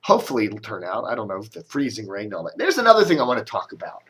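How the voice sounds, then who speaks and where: A man's voice: on the low side, wildly swooping pitch, racing, a bit bright. A man giving a casual, rambling media commentary, grumbling and sarcastic, with coughs and restarts. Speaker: media blogger doing a video commentary.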